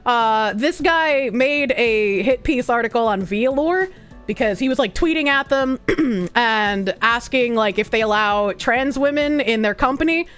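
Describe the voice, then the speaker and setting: Woman, Boston accent, casual stream chat, blunt, swears a lot, high voice. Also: a little slow, fairly bright tone, clear, resonant tone, soft background music.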